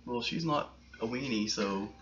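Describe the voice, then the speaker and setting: A man's voice: mid-range voice, a little slow. A man casually commenting on a life-simulation game with a partner, dry, profane and joking. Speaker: gameplay commentator. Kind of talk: casual let's-play chat. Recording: muffled recording with faint hiss.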